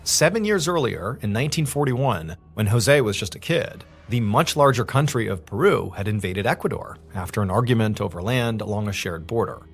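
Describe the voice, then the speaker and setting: A man narrating a true story in a conversational, dramatic manner, pitching up as the tension builds. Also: breathy edge. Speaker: storyteller host.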